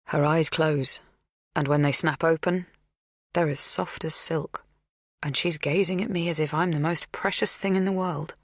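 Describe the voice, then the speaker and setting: A woman narrating an audiobook in a measured, even reading. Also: low voice, dry recording, studio quality. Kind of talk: scripted first-person narration.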